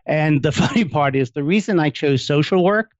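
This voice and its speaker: A middle-aged man and couples therapist, a guest speaking in a relaxed, reflective way as he tells his own story and chuckles now and then. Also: on the high side, normal speed, no echo, muffled recording. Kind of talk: casual interview chat.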